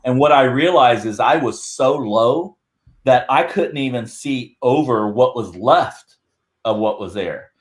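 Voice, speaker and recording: A man talks as a podcast guest in a loose, rambling way. His voice sits at an everyday middle pitch. He tells his story with lively energy. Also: unhurried. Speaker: guest Bigfoot researcher. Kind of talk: casual podcast chat.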